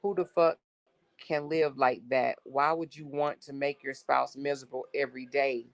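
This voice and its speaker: A woman's voice: a bass voice, fairly even intonation, normal speed. A woman hosting a casual livestream, reading text messages aloud to her viewers in an exasperated, blunt way and swearing freely. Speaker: livestream host.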